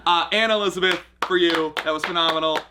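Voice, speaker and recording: A man hosting a casual comedy commentary chat, trading laid-back banter with quick laughs. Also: on the high side, fairly even intonation, noisy background. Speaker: show host and writer.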